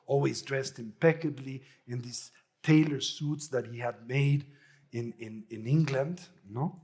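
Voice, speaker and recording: Husky male Buddhist teacher, anecdotal dharma talk, frequent "no?" tags. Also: medium pitch, a little slow, a little mellow. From Mexico. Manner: anecdotal, tags phrases with a questioning "no?".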